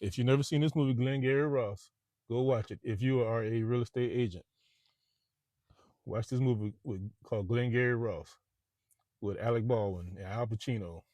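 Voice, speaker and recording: Brief: man, real estate agent, loose chatty vlog rambling, mid pitch, dry close sound in a car. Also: normal speed, mellow, no room sound. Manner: rambling, repeats words, chatty. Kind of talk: casual vlog monologue. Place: inside a parked car.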